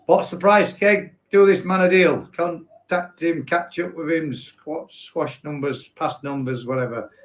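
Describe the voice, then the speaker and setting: A man hosting a casual live stream, chatting and reading out viewer comments in a rambling, self-correcting way. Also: medium pitch. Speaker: host.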